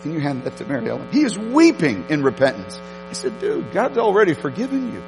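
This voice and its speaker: A man preaching a sermon, telling a story with emphatic repetitions and animated delivery. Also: on the high side, fast talker, gravelly, big-room sound, music in the background, low-quality recording. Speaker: pastor.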